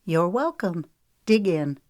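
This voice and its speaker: A woman reading as a young songwriter in an audiobook, giving quick, defensive replies in a raised voice. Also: fairly low pitch, expressive, darkish tone, no room sound, studio quality.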